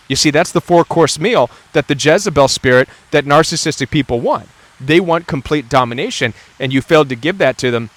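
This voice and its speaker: A man's voice: on the high side, fairly quick, no room sound. A man hosting a talk about narcissistic abuse, speaking earnestly and emphatically, now and then acting out what others say. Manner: earnest, emphatic, acts out quoted voices. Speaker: host.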